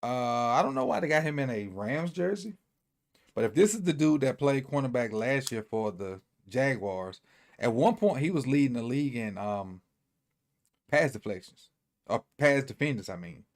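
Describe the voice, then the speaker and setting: A man's voice: mid-range voice, animated, normal speed. Easygoing man rambling through a sports recap. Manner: loose, rambling, repeats himself, thinks aloud. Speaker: sports commentator.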